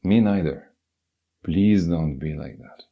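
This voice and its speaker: A man's voice: low voice, takes it slowly, gravelly, lo-fi sound. A man giving a scripted, earnest self-help narration and speaking directly to the listener.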